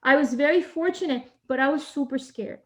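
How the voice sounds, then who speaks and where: A woman's voice: high voice, a little fast. A woman agile coach telling a heartfelt personal story, earnest and emotional, repeating phrases for emphasis, on a video call.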